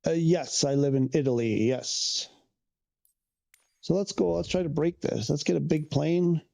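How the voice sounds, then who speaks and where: Gravelly, mellow man streaming. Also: a little high, a little slow. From Canada. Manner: rambling, trails off and restarts, answers chat questions. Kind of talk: casual livestream chat with viewers.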